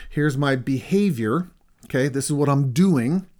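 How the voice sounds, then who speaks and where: A man's voice: medium pitch, a little slow. Storytelling middle-aged man. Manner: storytelling, animated when reenacting. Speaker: counselor. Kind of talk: casual conversation with his wife.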